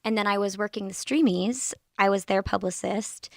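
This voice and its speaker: A woman's voice: mid-range voice, moderate pace, creaky, no echo, studio quality. A woman in her twenties, a publicist guesting on a podcast, telling stories animatedly and acting out others' lines. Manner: animated, quoting others in lively voices. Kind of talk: casual chat, storytelling.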